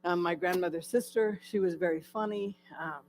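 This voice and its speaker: In a church hall, a Californian woman invited as guest speaker tells her life story, using lots of fillers and asking the crowd questions. She speaks at a moderate pace in a fairly low voice, captured on a low-quality recording with slight background noise.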